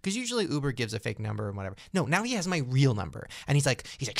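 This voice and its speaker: A man's voice: mid-range voice, racing, gravelly, hardly any pauses, no room sound. A young man hosting a casual chat show, telling a story with lots of energy and acting out the voices in it. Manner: animated, acts out voices in his stories. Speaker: podcast host.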